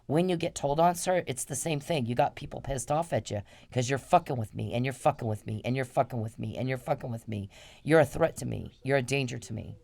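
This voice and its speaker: Woman on her podcast going off at some guy, lots of swearing and repeating herself, darkish mellow voice. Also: a bass voice, fairly quick, vocal fry. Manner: confrontational, repetitive, profane. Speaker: podcast host. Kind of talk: angry monologue addressed to one man.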